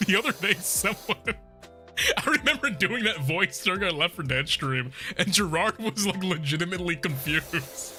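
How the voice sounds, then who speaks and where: A young man chatting casually while streaming a game, excitable and profane, laughing often and bursting into shouts. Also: high voice, moderate pace. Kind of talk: casual gameplay stream chat. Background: game music.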